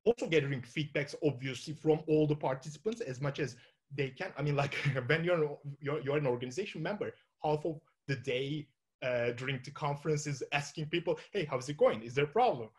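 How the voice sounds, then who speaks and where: A man's voice: fairly high pitch, brisk. Turkish-accented man giving a loose talk. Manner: thinks aloud with many fillers and restarts. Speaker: conference speaker. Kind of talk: informal talk to an audience.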